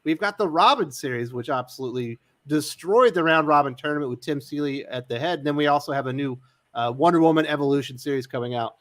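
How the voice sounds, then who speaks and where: A man hosting a live comics panel chat, moving the talk along briskly and putting questions to his guests. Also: fairly high pitch. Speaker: podcast host.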